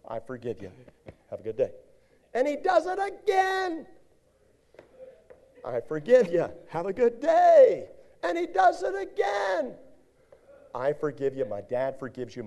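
Animated man preaching a lively sermon. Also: medium pitch. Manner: animated preaching, acts out little scenes, shouts at peaks. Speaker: pastor.

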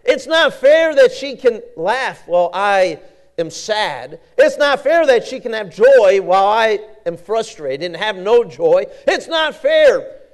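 A man's voice: big pitch swings, slow pace, full character voice. A man voicing a frustrated woman complaining shrilly that things are not fair. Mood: whiny, indignant. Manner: whiny, shrill, indignant.

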